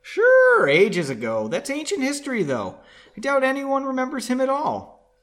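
A man's voice: extremely high pitch, huge pitch swings, moderate pace, a bit bright, voice pushed up, exaggerated voice. A man reading aloud and voicing a dismissive young woman traveler who gives curt, offhand replies. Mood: breezy.

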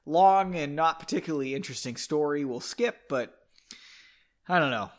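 A man's voice: fairly high pitch, lively intonation, normal speed. A man hosting a comedic book reading podcast, breaking off to drink and mock the text with sarcastic asides. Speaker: podcast host.

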